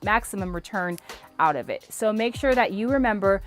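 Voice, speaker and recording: A woman in her thirties, a former softball player, telling a lively motivational story to camera. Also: mid-range voice, normal speed, faint music behind.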